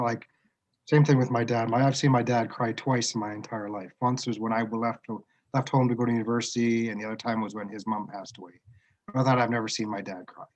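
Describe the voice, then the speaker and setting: Middle-aged canadian guy, thoughtful, keeps restarting sentences, even mid voice. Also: mid-range voice, low-quality recording. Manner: reflective, restarts often, speaks frankly. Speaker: guest sharing his autism diagnosis. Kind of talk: casual conversation.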